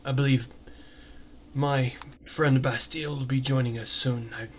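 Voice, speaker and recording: A quiet, low-voiced warrior mentor who speaks plainly and halts between thoughts, as a man gives him voice. The delivery is soft and unhurried. A faint hiss lingers in the background. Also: fairly even intonation, lightly acted.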